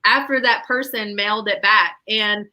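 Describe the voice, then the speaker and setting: A woman's voice: mid-range voice, steady tone, normal speed, bright, forceful tone, rough recording. A woman, co-hosting a podcast and telling a story in casual chat, acting out the voices of the people in it. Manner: acts out quoted voices, laughs often. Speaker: podcast co-host.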